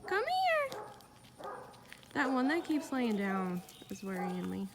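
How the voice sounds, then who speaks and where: A woman's voice: medium pitch, expressive, normal speed, very noisy. A woman rescuing stray dogs outdoors, coaxing them in a sing-song baby-talk voice. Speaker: animal rescuer.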